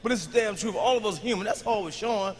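A man performing a stand-up comedy routine on a big stage, telling profane stories with a swagger, jumping between shouts and low asides. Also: fast talker, in a large hall. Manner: loud, swaggering, profane storytelling with sudden shouts and drops to a murmur. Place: large live venue on stage.

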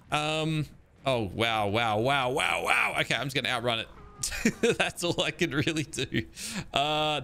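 Excitable young man with a bright voice. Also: medium pitch, smooth. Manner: excitable, jumpy reactions, exclamations. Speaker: game commentator. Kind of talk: casual let's-play commentary.

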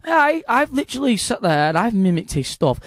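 A young man with a Manchester accent, chatting excitedly as an interview guest, rambling and restarting his sentences. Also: very high-pitched, brisk, no room sound. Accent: Northern English, Manchester. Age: young adult. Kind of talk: casual interview chat.

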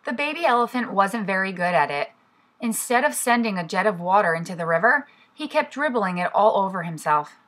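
A woman, a preschool teacher, reading a picture book aloud to young children in an expressive storybook manner. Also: medium pitch, a little fast.

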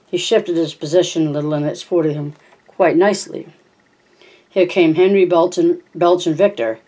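Brief: woman audiobook reader, low warm voice, plain steady reading. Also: moderate pace. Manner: steady, plain narration with small slips. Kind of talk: reading a novel aloud.

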